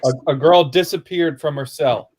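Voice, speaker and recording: A man's voice: fairly high pitch, normal speed, darkish tone, husky. A man co-hosting a live movie-watch stream, giving short answers and hints in a guessing game. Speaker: stream co-host. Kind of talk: casual chat.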